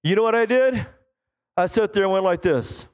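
A middle-aged man, a Pentecostal pastor, preaching a sermon in church, animated, with low asides and sudden shouted exclamations. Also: moderate pace, clean tone. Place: church sanctuary.

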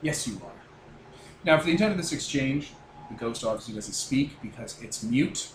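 A man's voice: mid-range voice, animated, fairly quick. A man running a tabletop game as game master, explaining at length with many fillers. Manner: rambling, filler-heavy explaining. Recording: roomy echo, noisy background.

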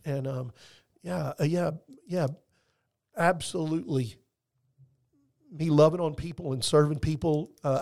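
A man's voice: on the high side, a little mellow. A man, a guest talking earnestly in a casual conversation, heartfelt and rambling with many restarts and fillers.

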